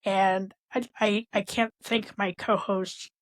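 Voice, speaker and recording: A woman co-hosting a heartfelt podcast conversation. She speaks at a middle pitch in a sincere, appreciative way, with a few fillers between her thoughts. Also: little pitch movement, slow. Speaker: podcast co-host.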